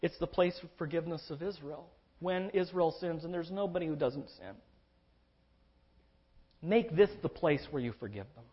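A man preaching an expository sermon, emphatic and animated, drawing out key words for stress. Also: a little high, normal speed, long pauses, slightly rough. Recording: dull lo-fi recording.

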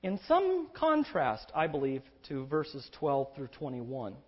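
A man with a high, husky voice preaching an expository sermon. His pitch leaps and swoops as he stresses key words, and the recording sounds dull and lo-fi. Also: takes it slowly. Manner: emphatic and animated, drawing out key words.

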